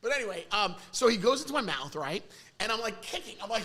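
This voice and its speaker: A very high-pitched man with a bright, sharp voice, chatting as a podcast host. He tells stories in a lively, sing-song way, acting out voices and laughing often. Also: quick pace. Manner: animated storyteller, acts out voices, laughs often. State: sore mouth after dental work. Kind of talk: casual chat.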